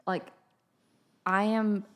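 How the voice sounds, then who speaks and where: A woman's voice: medium pitch, little pitch movement, drawn-out words, a bit bright, clear, resonant tone. A woman co-hosting a casual podcast chat, talking in an anxious, dramatic way about her fears. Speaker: podcast co-host.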